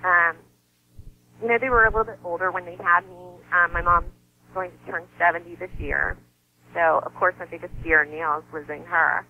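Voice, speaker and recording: This woman in her thirties, a model and actress appearing on an interview show, speaks in a lowish, steady voice at a normal pace over phone-quality audio. Her talk is emotional and personal, earnest and heartfelt; she laughs easily, and her voice softens when she grieves.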